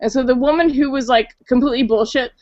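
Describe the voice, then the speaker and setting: A woman's voice: high voice, quick pace, a little mellow, no echo. A woman telling a casual story on a call-in chat show, swearing often and leaning on 'like'. She sounds a bit tipsy. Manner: chatty, swearing, lots of filler 'like'. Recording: dull, dry lo-fi call audio.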